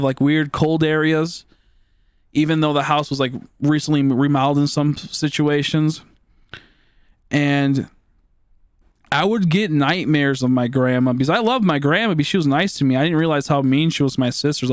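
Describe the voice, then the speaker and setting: Late-20s male streamer, chatty and rambling, many fillers, slightly high pitch. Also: no echo, clean studio sound. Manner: rambling, full of "like" fillers and restarts. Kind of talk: casual storytelling on a live stream.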